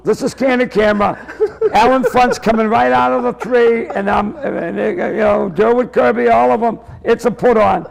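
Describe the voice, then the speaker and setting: A man, telling a rambling comic story and acting out both sides, often coughing and clearing his throat. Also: very high-pitched, steady tone, moderate pace, rough recording. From Massachusetts. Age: 60s. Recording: public-access TV archive tape.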